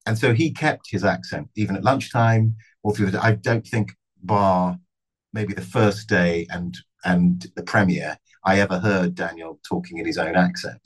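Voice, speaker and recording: Middle-aged male actor, deep husky voice, thoughtful interview delivery with restarts. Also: steady tone, rough recording. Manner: thoughtful, measured, with frequent restarts and fillers. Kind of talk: reflective interview answers.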